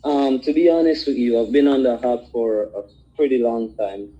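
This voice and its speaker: A man's voice: mid-range voice, fairly even intonation, moderate pace, dark tone, dull audio. A man from Jamaica with a Jamaican accent, calling in to a podcast and chatting in an easygoing, polite, slightly hesitant way. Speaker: caller. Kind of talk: casual call-in chat. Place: Toronto, Canada.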